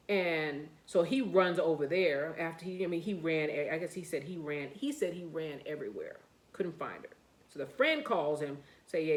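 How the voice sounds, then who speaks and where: A woman recounts a story in a casual, animated way. She repeats herself, stumbles over fillers and restarts, and her lowish voice rings in a room with clear echo. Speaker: channel host telling a story. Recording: echoey room.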